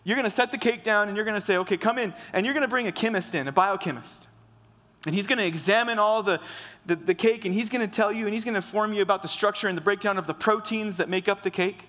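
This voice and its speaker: A man delivers a sermon in a relaxed, conversational way, often stumbling, restarting and doubling words as he talks. His voice sits a bit higher than most men's. The sound carries a long reverb, as in a large church. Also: quick pace. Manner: conversational preaching with restarts and repetition. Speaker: pastor.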